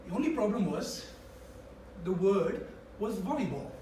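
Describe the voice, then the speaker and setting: A young man from India with an English accent that still carries some Indian traces, performing a swearing, animated stand-up set for a few friends. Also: high-pitched, unhurried, slight background noise. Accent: Indian-English, mostly English. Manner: animated, acting out voices, swearing. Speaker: stand-up comedian. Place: small room with a few friends. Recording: echoey room from a far mic, faint ambience.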